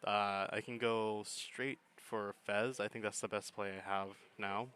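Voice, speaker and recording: A man's voice: fairly low pitch, fairly even intonation, unhurried, fairly bright tone, clean tone. A man giving laid-back, chuckling commentary on a game battle, thinking his plays through aloud. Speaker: gaming commentator.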